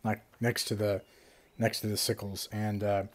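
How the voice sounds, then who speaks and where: A man narrating as game master in a relaxed, casual way, with lots of fillers. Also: lowish voice, normal speed.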